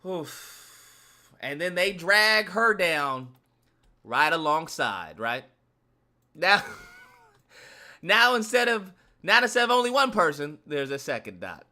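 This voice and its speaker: A man's voice: on the high side, sing-song, slow pace, pauses often, sharp tone. A man giving casual comedic commentary, slangy and joking, firing off rhetorical questions. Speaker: YouTube commentator.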